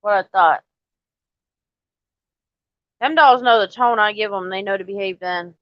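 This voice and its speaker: A woman's voice: medium pitch, unhurried, no room sound. A woman hosting a casual live chat, blunt and salty, talking firmly to her dogs between questions. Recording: dry, slightly muffled lo-fi audio.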